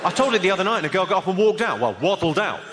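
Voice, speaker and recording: A man doing stand-up in a large theatre before a live audience, telling jokes in a brisk, mock-innocent way. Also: sits high, big pitch swings. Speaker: stand-up comedian. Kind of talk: live stand-up one-liners. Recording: loud crowd noise with long hall reverb.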